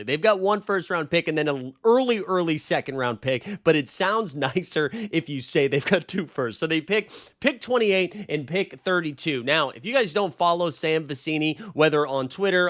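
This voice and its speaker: Casual young male sports host, somewhat high voice, rambling and conversational. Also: a bit bright. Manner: chatty, loose, with frequent "uh" and "right?". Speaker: basketball podcast host.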